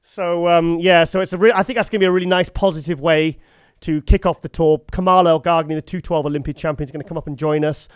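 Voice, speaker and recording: A man with a fairly high, smooth, resonant voice hosts a relaxed chat. The sound is close and dry, and he talks easily and laughs often. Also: fast talker, dry recording. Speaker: host. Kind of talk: casual chat.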